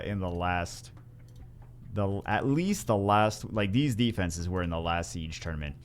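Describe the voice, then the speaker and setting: A man's voice: deep voice, darkish tone. A man hosting a gaming video, rambling through casual gameplay commentary with wry asides and frequent self-corrections.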